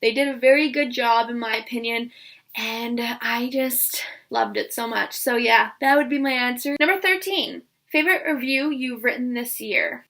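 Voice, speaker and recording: Young woman book vlogger, high and bright, gushing and excitable, casual chat. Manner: gushing and excitable, many repeated "I loved" and "like".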